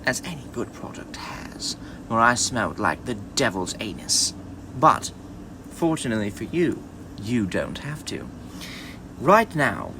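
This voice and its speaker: A man doing a vain, swooping perfume pitchman. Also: noisy background. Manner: theatrical sales pitch. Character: vain male fragrance pitchman, showy and self-adoring. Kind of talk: parody ad.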